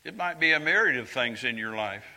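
A man in his seventies preaching a sermon in a church, earnest and conversational, dropping to quiet confiding asides and rising to loud emphatic lines. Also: mid-range voice, expressive, brisk, poor audio. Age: 70s.

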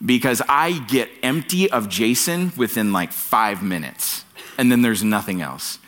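Lively, bright-voiced male pastor preaching. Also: medium pitch, unhurried. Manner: earnest, emphatic, repeats key phrases. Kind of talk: sermon. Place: church service.

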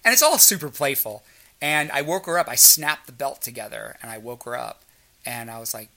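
A man's voice: fairly high pitch, normal speed, pushed and bright. A man telling a frank story in casual chat and acting out the dialogue as he goes. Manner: storytelling, acts out quoted dialogue.

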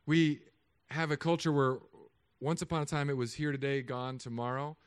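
A man in his thirties, a pastor, preaching a sermon with animated, humorous storytelling. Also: mid-range voice, normal speed, clean tone.

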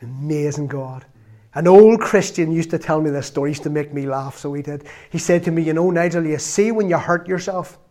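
A man's voice: a little high, fairly quick. Earnest man preaching. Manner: earnest, storytelling, rises to loud exclamations. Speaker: lay preacher. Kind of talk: sermon.

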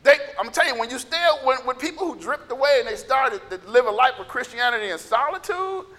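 A man preaching a sermon as pastor, with a scratchy, gravelly voice and impassioned bursts of shouting. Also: very high voice, lively intonation, quick pace. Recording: echoey hall reverb.

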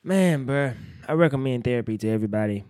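A young man co-hosting a casual chat, animated and profane with loud outbursts, sounding tired. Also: medium pitch, fast talker, smooth. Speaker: podcast co-host.

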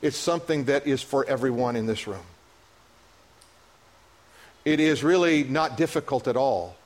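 A pastor preaching a sermon in a church, impassioned and building to emotional peaks, with halting restarts and repeats. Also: male voice, medium pitch. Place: church sanctuary.

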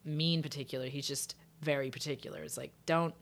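A woman's voice: very deep voice, steady tone, fast, vocal fry. A woman singer and musician talking as a guest in a casual interview, loose and chatty, with lots of "like" and restarts. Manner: chatty, loose, full of "like" and restarts, acts out phrasings.

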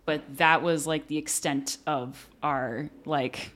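A young adult woman candidly telling a personal story in an interview, casual and swearing, animated when quoting people. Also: sits low, slow pace. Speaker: interview guest.

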